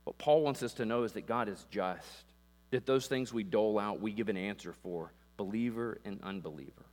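A man's voice: on the low side, normal speed, darkish tone. A male pastor preaching with passion, rising and falling in force and acting out the voices he quotes, recorded in a church sanctuary on a pulpit microphone. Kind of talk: sermon. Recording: long reverb with mains hum.

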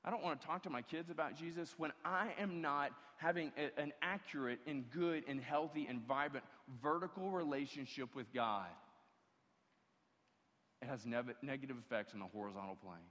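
Male pastor preaching, high-pitched and emphatic, captured in a church hall with long reverb. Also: normal speed, a bit bright. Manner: emphatic preaching with repeated restarts. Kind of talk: sermon.

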